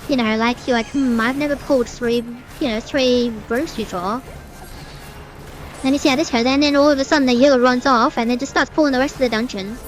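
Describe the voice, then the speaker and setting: A woman's voice: high voice, a little fast, soft background music. A young woman streamer in casual gameplay commentary, ranting in a chatty way with many fillers. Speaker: gaming streamer.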